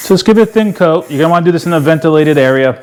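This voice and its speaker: A man's voice: fairly high pitch, expressive, very fast, darkish tone, clear, resonant tone. A middle-aged man hosting a casual how-to video, walking through a project in a folksy, rambling way with lots of fillers. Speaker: DIY video host.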